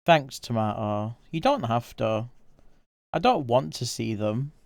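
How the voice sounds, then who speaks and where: A man's voice: medium pitch, lively intonation, unhurried, creaky, dry recording, clean studio sound. A man chatting casually with viewers on a livestream while he draws, in an easygoing, rambling way.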